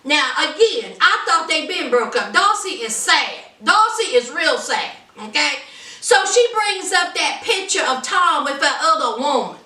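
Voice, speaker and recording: A woman's voice: high-pitched, very animated, a little slow, bright, forceful tone. A woman recapping a TV show in a sassy, casual way, laughing and calling listeners honey and child. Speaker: TV show reviewer. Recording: echoey room, distant from the mic.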